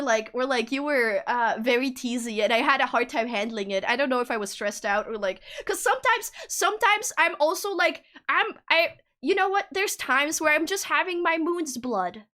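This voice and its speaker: A woman's voice: high voice, fairly bright tone. A young woman streaming live, chatting casually and playfully with her viewers, often breaking into giggles.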